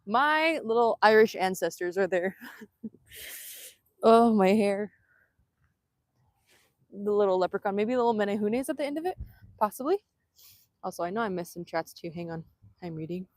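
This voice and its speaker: A woman vlogger chatting excitedly on a live stream outdoors, laughing often and filming on a handheld phone. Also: medium pitch, normal speed, pauses often, dry recording. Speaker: vanlife vlogger. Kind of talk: casual live-stream chat. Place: outdoors in Hawaii.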